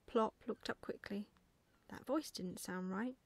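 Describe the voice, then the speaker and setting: A woman reading a bedtime story aloud in whispered role-play, soft and slow. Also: medium pitch, fairly even intonation, breathy edge, no echo.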